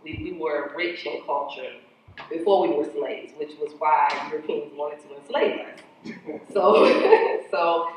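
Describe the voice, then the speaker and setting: A woman's voice: low-pitched, a little slow, slight background noise. A woman with a nasal voice who introduces her piece and performs spoken word poetry. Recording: echoey hall, mic heard from far.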